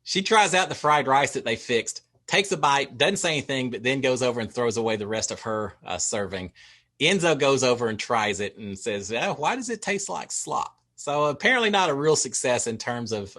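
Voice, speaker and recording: A man with a Texas drawl talks casually through an overnight recap. His delivery is chatty, with frequent filler words and wry asides. His pitch sits in the middle of the usual range for a man. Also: pushed and bright. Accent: Texan. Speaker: show recap host.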